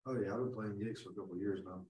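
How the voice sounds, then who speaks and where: Young guy, fairly low voice, relaxed short answers, echoey room, faint noise. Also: very fast. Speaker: guest, country singer. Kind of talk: casual interview answers.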